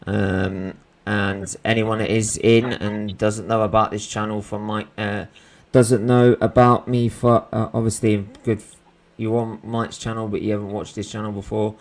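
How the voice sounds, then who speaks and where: A man's voice: lowish voice, flat delivery, normal speed. A man hosting a live football watchalong stream, chatting casually and rambling with slang and fillers.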